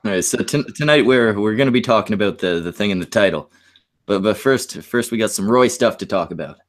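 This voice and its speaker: A man's voice: fairly low pitch, lively intonation, brisk. A man hosting a casual online stream, making joking asides. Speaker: stream host. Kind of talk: casual chat.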